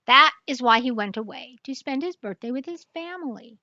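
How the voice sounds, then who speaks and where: A woman's voice: sits high, animated, normal speed, sharp tone, no echo, dull audio, exaggerated voice. Big Max, a woman reading as a sure detective. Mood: confident. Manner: confident, explaining. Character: boastful clever elephant detective, male.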